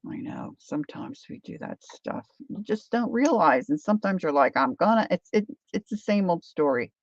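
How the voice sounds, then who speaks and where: A woman's voice: lowish voice, sing-song, moderate pace, dry recording, muffled recording. A woman hosting a craft livestream, rambling chattily through a demo and answering viewer comments.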